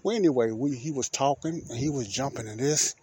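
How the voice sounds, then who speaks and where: A man's voice: mid-range voice, a little fast, a little mellow, slight background noise. A middle-aged man, hosting a podcast and telling a rambling story that repeats itself and acts out the people in it. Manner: rambling, repeats himself, acts out quoted dialogue. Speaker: podcast host. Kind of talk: casual storytelling monologue.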